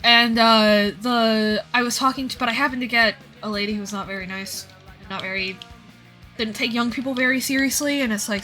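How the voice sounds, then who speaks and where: Young woman streamer, out of breath, sharp bright tone, slightly high voice, animated storyteller, faint music underneath. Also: fairly quick. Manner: animated storytelling, acting out quoted people. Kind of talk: casual chat while gaming.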